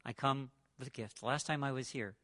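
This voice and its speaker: A man preaching a sermon, retelling a parable with dramatic swings between loud and hushed delivery. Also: medium pitch, fairly quick.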